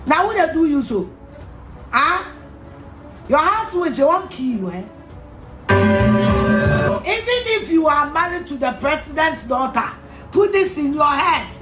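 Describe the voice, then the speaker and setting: A Ghanaian woman in a heated, insulting rant, repeating herself and shouting at times. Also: high voice, animated, measured pace, long pauses. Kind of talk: angry rant to camera. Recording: echoey room with faint music.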